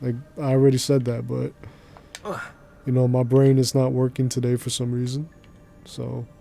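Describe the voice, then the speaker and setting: A man streaming a game talks casually to his chat, rambling from one story to the next with plenty of slang. His voice is mellow and dark and stays very flat in pitch, with faint music playing underneath. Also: normal speed, creaky. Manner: rambling, slangy, laughs easily. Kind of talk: casual chat while gaming.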